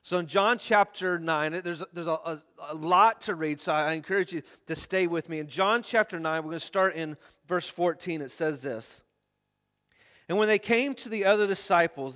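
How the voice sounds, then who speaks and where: A man's voice: high voice, moderate pace, a bit bright, in a large hall. A man preaching a sermon, reading scripture aloud in an earnest way with frequent restarts. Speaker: pastor. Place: church.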